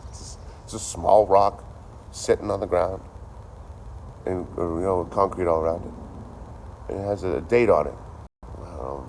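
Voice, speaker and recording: A man telling a profane story in a casual, animated rant, often repeating himself. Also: low voice, slight background noise. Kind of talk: casual ranting monologue.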